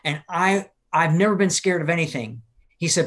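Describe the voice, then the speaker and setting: A man's voice: a little high, expressive, normal speed, fairly bright tone. An older man earnestly telling a personal testimony in an interview, urgent and acting out the people he quotes. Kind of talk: earnest storytelling in a live-streamed interview.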